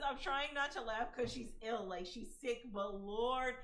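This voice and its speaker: A woman's voice: fairly high pitch, big pitch swings, normal speed, few pauses, pushed and bright. A young adult woman streaming, chatting casually through gossip and commentary, with slangy asides and bursts of laughter.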